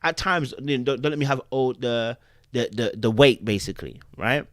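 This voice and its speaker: A man's voice: mid-range voice, moderate pace, dry recording, studio quality. A man, hosting a podcast and giving casual commentary on a dating show, acting out quotes and asking rhetorical questions. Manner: animated, acts out quotes, asks rhetorical questions.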